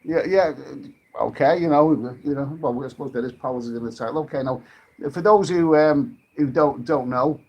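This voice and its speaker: This UK man, drinking during his relaxed live stream, reads out comments from viewers in a rambling, stop-start manner with frequent restarts. His voice is a little high, and the audio sounds dull.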